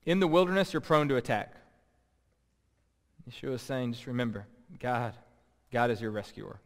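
A man's voice: mid-range voice, moderate pace. A man preaching a sermon as pastor, emphatic and repeating key words for stress. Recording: long reverb.

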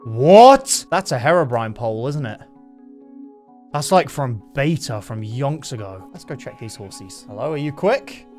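Jumpy, animated gamer guy. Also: mid-range voice, moderate pace, soft background music. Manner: jumpy, excitable, talks to his horse, sudden yelps of fright. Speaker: gaming YouTuber. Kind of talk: live gameplay commentary.

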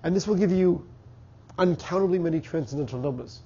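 Stuffy congested boston guy lecturing, dark gravelly voice, dull lo-fi recording. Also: on the high side, a little fast. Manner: thinking aloud with fillers and restarts. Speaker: math professor. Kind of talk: university lecture. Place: lecture hall.

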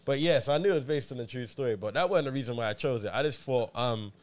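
A man's voice: mid-range voice, quick pace. A man co-hosting a film review podcast, laid-back and slangy in casual chat. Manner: laid-back, slangy, repeats "you hear me".

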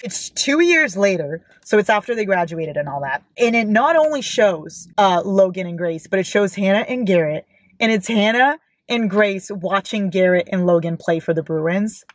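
A woman's voice: fairly low pitch, expressive, brisk, no room sound. A young woman in her twenties from the United States chatting casually about a book she read, gushing and giggly with sudden squeals. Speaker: book vlogger. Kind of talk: casual book reaction chat.

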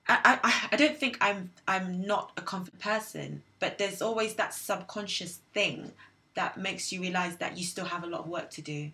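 A woman's voice: lowish voice, normal speed, sharp tone. A young woman from England, hosting a casual discussion and reflecting aloud while searching for her words. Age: young adult. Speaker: host.

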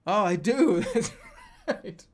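Male game streamer, high pitch, unhurried delivery, goofy and repetitive, laughs a lot. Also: very animated. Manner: jokey, repeats phrases, laughs often. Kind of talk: live gameplay commentary.

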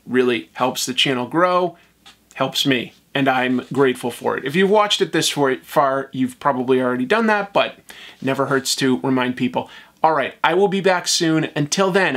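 A man hosting a comics video show, signing off in a relaxed, chatty way and correcting himself now and then. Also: mid-range voice. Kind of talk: casual video outro and bloopers.

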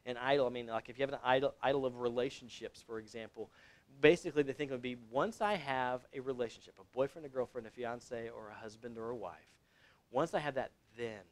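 A man with a mid-range voice preaches to young adults at a fast clip, telling the story conversationally and casually. Now and then he breaks into sudden loud exclamations.

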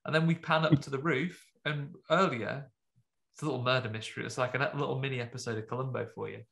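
A man's voice: mid-range voice, fairly even intonation, quick pace, vocal fry, fairly bright tone. A man hosting a podcast, rambling through a film recap in jokey, casual chat full of fillers. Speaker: podcast host.

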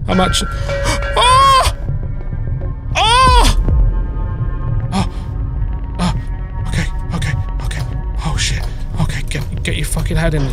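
Young male gamer, panicky horror let's play host, swears a lot and screams, voice leaping all over. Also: a little high. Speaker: gaming video host. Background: game music.

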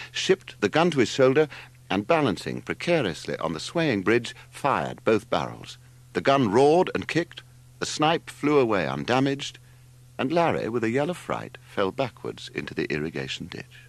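Lively, low-voiced male narrator. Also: normal speed, creaky. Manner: expressive storytelling, wide swings in pitch. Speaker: audiobook narrator. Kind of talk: scripted narration.

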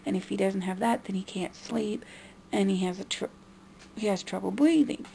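A woman's voice: fairly even intonation, moderate pace, creaky, warm tone, slight background noise. A young woman vlogger venting in a frustrated monologue about her family. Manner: frustrated, mimicking others in a high nagging voice.

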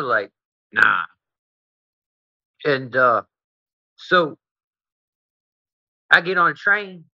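Man, interview guest, profane rambling storyteller, tense bright voice, dry slightly muffled audio. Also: medium pitch, no echo. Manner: profane, rambling, tags lines with "right?".

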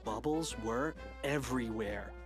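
A narrator reading a children's audiobook with an animated, playful delivery. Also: mid-range voice, unhurried, music in the background.

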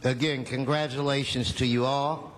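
A man chairing a city council meeting, joking easily between brisk procedural calls. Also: medium pitch, little pitch movement, slight background noise.

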